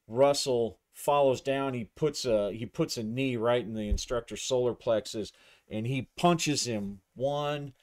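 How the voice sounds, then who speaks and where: A man's voice: medium pitch, a little slow, darkish tone. A man narrating a solo tabletop game, thinking aloud as he describes the action and his dice rolls.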